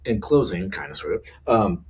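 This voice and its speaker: A man with a low voice hosts a relaxed interview, his pitch moving with some life. He mostly offers brief, supportive interjections. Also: normal speed. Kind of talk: casual interview chat.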